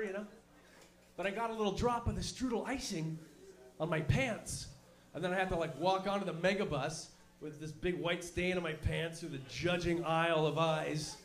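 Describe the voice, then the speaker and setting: A young man doing a stand-up comedy set, telling profane, animated stories and slipping into mock voices. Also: high voice. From Canada.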